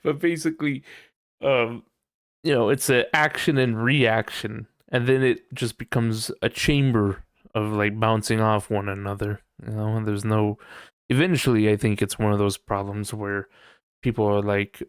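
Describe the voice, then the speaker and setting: A man's voice: on the low side, steady tone, normal speed, smooth, no room sound, studio quality. A man hosting a casual solo podcast, rambling loosely and laughing often, with lots of "you know". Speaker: podcast host.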